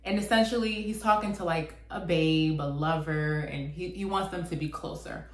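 A woman's voice: deep voice, moderate pace. Chatty woman host in an echoey room. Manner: chatty, relaxed, often says "like". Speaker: channel host. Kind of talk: casual explanatory talk to camera.

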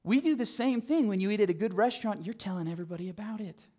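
A pastor with a slightly higher voice preaches in a sermon-like flow, telling his story quickly in a lively, animated way. He acts out the quotes and drops to quiet, low emphasis on the phrases that matter.

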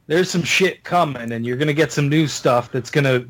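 Male co-host, slightly high voice, eager to jump in with his own take. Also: moderate pace, a bit bright. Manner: eager, interjecting, swears casually. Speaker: podcast co-host. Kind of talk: casual gaming podcast chat.

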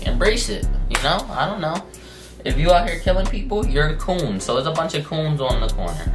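Man, storytime vlog, slangy and profane, lots of fillers, music playing behind. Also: mid-range voice. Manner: slangy, profane, drawn-out phrasing with many fillers. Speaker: storytime vlogger. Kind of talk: casual storytelling. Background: music in the background.

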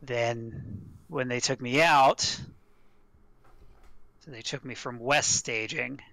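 A man's voice: mid-range voice, takes it slowly, pushed and bright, no echo. A man voicing a tough, battered female ex-prisoner in a tabletop game, talking bluntly and with dry scorn. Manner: blunt, dry, plain-spoken.

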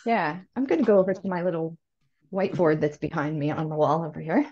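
A woman's voice: low voice, fast, warm tone, lo-fi sound. A woman guest in an interview, explaining language learning in a thoughtful way, often correcting herself and acting out learner questions. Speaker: language education expert guest.

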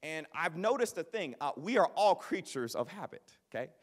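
A male pastor preaches and tells stories with an animated, self-deprecating humor. His voice sits a bit high and swings widely in pitch. A long reverb from a big hall hangs behind every line. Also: moderate pace. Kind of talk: sermon with personal storytelling.

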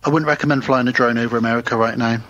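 A British man from the United Kingdom co-hosts a casual podcast, chatting easily and reading a listener's email aloud. His medium-pitched, slightly bright voice is steady and very fast, he laughs often in an easygoing way, and the sound is lo-fi.

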